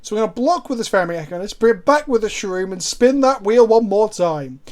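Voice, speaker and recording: A man from England giving casual, profane, excitable commentary while streaming a card game. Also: sits high, fairly quick. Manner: swears a lot, excitable, sarcastic.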